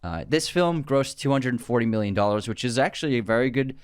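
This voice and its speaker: A man's voice: medium pitch, lively intonation, a little fast, clean tone, dry recording, studio quality. A man co-hosting a film podcast, chatting casually about a movie and often restarting his sentences. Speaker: podcast co-host.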